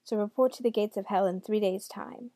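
A woman reads out a smug, sneering devil, a man, cool and mocking in his storybook scene. The voice is dark and mellow, and there is no room sound around it. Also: mid-range voice, steady tone, fairly quick, no room sound, lightly acted.

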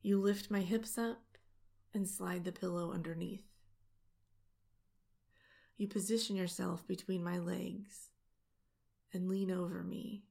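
Slow, gravelly whispering woman. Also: on the low side, little pitch movement. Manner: soft intimate whisper. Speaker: storyteller. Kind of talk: whispered role-play.

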